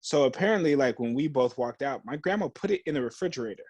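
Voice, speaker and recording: A young man telling a story on a casual podcast, slipping into other people's voices for the quotes and swearing freely. His pitch sits in the middle, and the close mic sounds dry. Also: quick pace, no echo. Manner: animated storyteller, acts out quotes, heavy swearing and slang. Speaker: podcast co-host. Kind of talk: casual chat.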